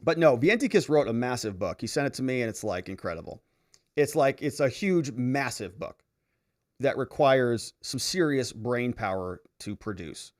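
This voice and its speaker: Lively, chatty male livestream host. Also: medium pitch, moderate pace. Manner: chatty, reads comments aloud with asides and laughs. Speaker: host reading viewer comments. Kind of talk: casual livestream chat.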